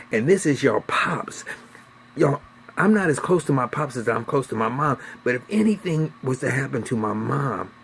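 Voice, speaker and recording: Slight background noise accompanies a man of medium pitch recapping a TV episode. His storytelling is animated and profane, casual in tone, and he drops into the characters' dialogue as he goes.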